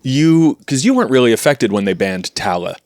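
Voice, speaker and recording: A man's voice: medium pitch, animated, a little fast, no echo, clean studio sound. A man co-hosting a casual comedy podcast, riffing playfully with his roommate. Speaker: co-host.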